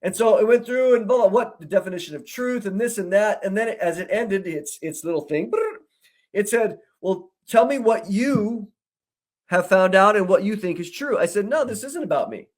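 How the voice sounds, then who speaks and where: A man co-hosting a discussion, telling an animated story and acting out the dialogue he quotes. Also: sits high, moderate pace. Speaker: co-host. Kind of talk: conversational discussion.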